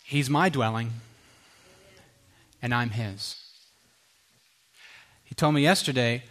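A middle-aged male pastor preaching with emphatic repetition, sometimes dropping to a quiet hush. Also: mid-range voice, slow, long pauses. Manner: earnest, emphatic, repeats phrases, drops to a quiet hush. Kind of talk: sermon.

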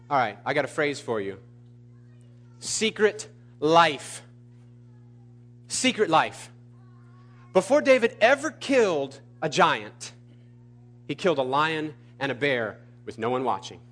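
A man preaching a sermon, emphatic and repetitive, building to loud peaks. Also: fairly high pitch, big pitch swings, takes it slowly, long pauses. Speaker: pastor.

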